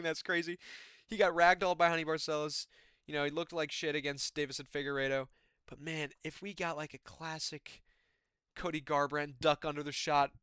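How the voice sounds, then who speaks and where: Young male host, excitable and chatty fight-pick breakdown, bright forceful tone, dry close sound. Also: on the high side, smooth, dry recording. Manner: excitable, chatty, fillers like man and dude. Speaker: MMA fight predictor. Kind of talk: casual fight-card breakdown.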